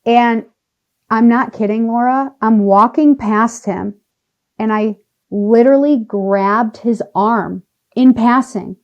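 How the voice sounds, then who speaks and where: A woman, a podcast guest, tells a personal story in animated, emphatic conversation and slows down or speeds up for effect. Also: fairly high pitch, muffled recording.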